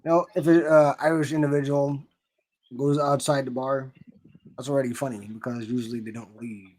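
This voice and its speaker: A man's voice: medium pitch, little pitch movement, fairly quick, darkish tone. A man in a casual live chat, joking around and often stammering as he starts his sentences. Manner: joking, hesitant with stammered restarts. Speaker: chat guest.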